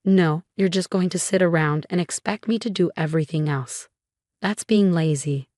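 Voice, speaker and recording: A woman's voice: lowish voice, moderate pace, a little mellow, dry recording, clean studio sound, natural voice. A woman reading the lines of an irritable young husband in a curt, scolding way.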